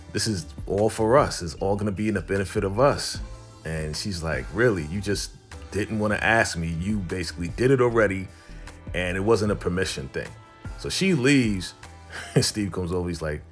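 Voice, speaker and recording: A man's voice: sits low, expressive, normal speed, soft background music. A man hosting a casual TV episode recap, talking in slang and retelling the scenes as quoted back-and-forth dialogue. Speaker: TV recap host.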